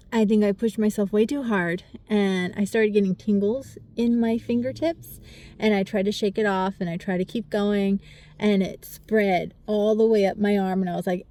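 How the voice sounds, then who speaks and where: A young woman talks to the camera in a candid, rambling storytime, breaking into small laughs as she goes. Her voice sits at an ordinary middle pitch. The sound is close and dry, with no room around it. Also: darkish tone, dry recording. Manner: candid, rambling, laughs through hard moments. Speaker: vlogger. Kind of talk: casual storytime.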